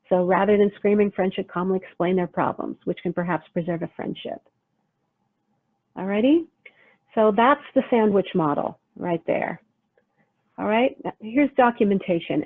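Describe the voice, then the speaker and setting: A woman writing teacher explaining how to use sources in a recorded lecture, conversational and checking in often with "okay?". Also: medium pitch. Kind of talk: recorded lecture over slides. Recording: phone-like narrow sound.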